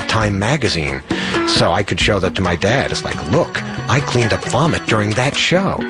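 A man with a fairly low voice tells a personal story with wry, self-mocking humor, acting out the people he quotes. Music plays clearly beneath his voice throughout the recording.

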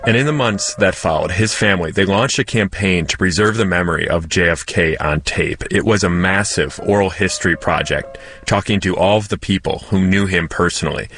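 A man hosting a radio program, reading a scripted introduction in a measured way. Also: low-pitched, a bit bright, soft background music. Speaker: radio host.

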